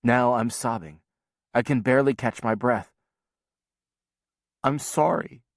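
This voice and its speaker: A man reading a novel aloud as first-person audiobook narration, in a measured, quiet storytelling manner. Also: mid-range voice, no echo, clean studio sound.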